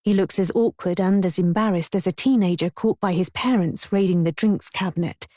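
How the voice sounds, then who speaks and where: A woman's voice: fairly low pitch, a little fast, warm tone, dry recording. Wry woman narrating an audiobook. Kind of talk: first-person audiobook narration.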